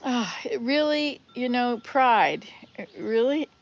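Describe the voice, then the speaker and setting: A woman's voice: a little high, animated, takes it slowly, highs cut off. A woman vlogger chatting casually and rambling from her outdoor garden, recorded on a phone. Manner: chatty, rambling, self-chuckling. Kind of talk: casual live-stream chat. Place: outdoor garden with wind chimes.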